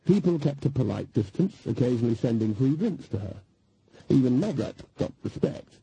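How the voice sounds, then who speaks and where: A man reading an audiobook in scripted narration, with a wry, measured storytelling manner. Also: mid-range voice, very animated, creaky, mellow, slight background noise, low-quality recording.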